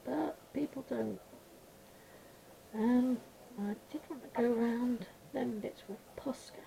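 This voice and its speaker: A woman talks her way through a colouring session at home, rambling and often dropping into quiet mumbles to herself. Her voice is heavily gravelly and mellow, a little raised in pitch, and slightly congested as if a cold is coming on. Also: takes it slowly, long pauses, rough recording. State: slightly congested, voice going gruff. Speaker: colouring channel host. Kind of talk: casual chat while colouring. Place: small room at home.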